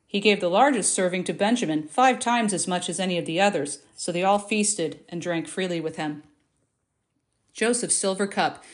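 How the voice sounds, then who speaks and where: A woman reads Bible passages aloud at a medium pitch. Her reading is expressive, and her voice rises in the quoted lines. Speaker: Bible reader. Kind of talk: scripture reading.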